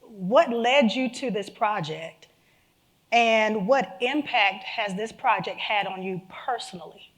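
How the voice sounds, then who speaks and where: A woman's voice: medium pitch, takes it slowly. Woman moderator at a museum event, upbeat, introducing panelists. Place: museum auditorium.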